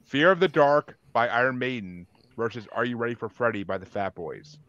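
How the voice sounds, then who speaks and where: A man's voice: mid-range voice, animated, brisk, a bit bright. A man hosting a podcast in casual group chat, running a bracket vote and teasing his guests with crude jokes. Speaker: podcast host. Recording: dull lo-fi call audio.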